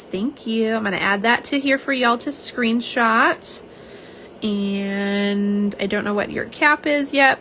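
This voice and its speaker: A woman's voice: fairly high pitch, pushed and bright, a little hiss or hum, poor audio. A woman chatting casually on a live stream from home, rambling and greeting viewers by name. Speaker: livestream host. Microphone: phone camera.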